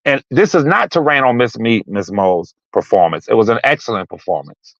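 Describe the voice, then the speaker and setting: A man's voice: medium pitch, expressive, normal speed, no echo, highs cut off. A man calling into a live talk stream, arguing his point with heat, repeating himself and raising his voice. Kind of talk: heated casual debate.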